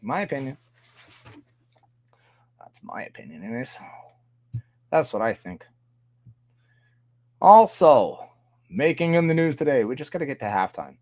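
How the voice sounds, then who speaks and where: This livestream host is a man with a Canadian accent who rants casually, swears heavily and laughs often. His medium-pitched voice is very animated yet unhurried, a little mellow, with frequent pauses.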